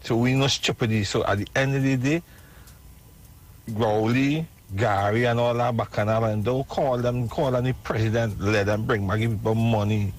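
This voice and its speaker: A Trinidadian caller speaks in an ordinary mid-range voice while forcefully rallying listeners. He checks in often with "right?" and "you understand?". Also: mid-range voice, steady tone, normal speed. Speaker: radio caller. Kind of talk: call-in radio rant.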